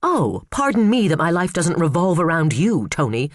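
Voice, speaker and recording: A man voicing a sharp, fierce female prosecutor with a curt, cutting manner, in an audiobook. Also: fairly high pitch, big pitch swings, normal speed, dry recording, studio quality, voice pushed up. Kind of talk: audiobook character voice.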